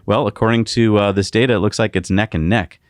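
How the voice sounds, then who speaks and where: A man co-hosting a casual tech news chat, briskly reading out posts and chatting with his partner. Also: lowish voice, fairly even intonation, no echo, studio quality. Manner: brisk, reads quotes quickly. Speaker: co-host.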